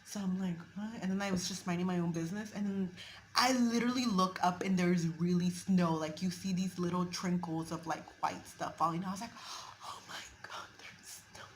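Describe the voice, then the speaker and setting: A woman's voice: lowish voice, steady tone, brisk, a little hiss or hum. A young woman vlogger chatting casually and gushing, saying "like" a lot as she tells a story and tours historic buildings on a handheld camera. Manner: bubbly, gushing, says "like" a lot. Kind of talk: casual vlog chat and tour narration. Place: outdoors and in historic buildings while touring.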